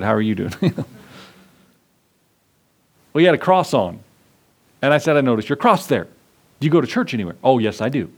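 A man preaching from the pulpit, his voice sitting a little higher than most men's. He talks in a loose, conversational way. He often puts a question to the congregation and then answers it himself. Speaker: pastor. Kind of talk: sermon.

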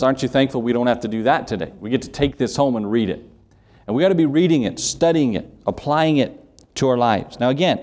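A man's voice: medium pitch, a little mellow. Emphatic male pastor preaching. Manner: emphatic preaching, repeats phrases, asks the congregation questions. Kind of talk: sermon.

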